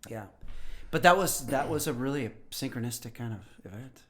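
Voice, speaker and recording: A man in his fifties, a professor and podcast guest, telling stories in casual conversation and clearing his throat now and then. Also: medium pitch, expressive, moderate pace, fairly bright tone. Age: 50s. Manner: storytelling, often clears throat.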